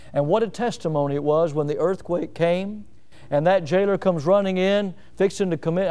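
During an evening sermon, a middle-aged male pastor preaches with earnest conviction in a warm, smooth, resonant voice that sits a little high for a man. Whenever he recites the words of a hymn, he deliberately slows down.

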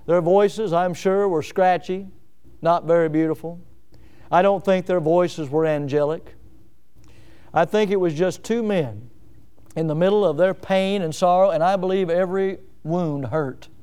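A middle-aged man preaches with earnest conviction. His voice sits a little high for a man and stays smooth and resonant. He slows down deliberately whenever he recites the words of a hymn. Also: warm tone. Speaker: pastor. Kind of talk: evening sermon.

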